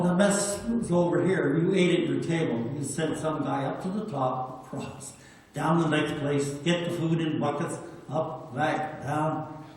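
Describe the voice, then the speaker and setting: A man in his nineties, a veteran telling plain-spoken stories to an audience and repeating words for emphasis. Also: on the high side. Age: 90s. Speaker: WWII veteran speaker. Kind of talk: storytelling talk. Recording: echoey hall, distant mic.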